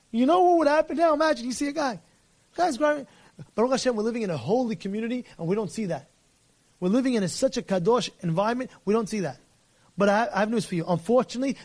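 A man preaching a fiery sermon in a strikingly high voice. He scolds with rapid rhetorical questions and acts out little dialogues, slipping Hebrew and Yiddish words into his English. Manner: mixes Hebrew and Yiddish religious terms into English. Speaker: rabbi.

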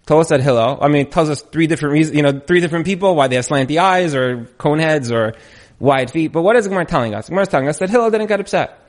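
Brief: man, slightly high voice, chatty Torah teacher who tells stories. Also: very fast. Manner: conversational, storytelling, animated retelling. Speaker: Torah lecturer. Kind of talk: informal Torah class.

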